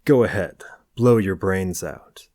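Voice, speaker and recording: A man voicing a smug, sleazy older party host who speaks in a smooth, patronizing way. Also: low-pitched, slow, darkish tone, no room sound, clean studio sound.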